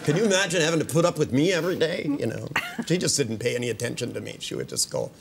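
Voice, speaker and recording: An older man, a hypnotist, running a live hypnosis demonstration at a seminar, joking and teasing between slow, soft trance suggestions. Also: mid-range voice, very animated, gravelly, background noise. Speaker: hypnotist leading a training seminar. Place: seminar room with participants.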